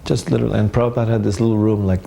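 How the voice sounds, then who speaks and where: A man recalling old memories in a casual, animated storytelling way, acting out the dialogue and often stopping to restart. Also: on the low side, gravelly, a little hiss or hum. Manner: halting, with restarts and fillers.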